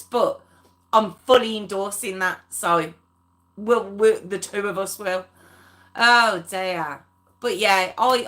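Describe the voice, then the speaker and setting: A woman's voice: mid-range voice, pushed and bright. A woman hosting a true crime livestream, chatting casually with viewers, laughing often and addressing them by name. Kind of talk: casual live chat with viewers.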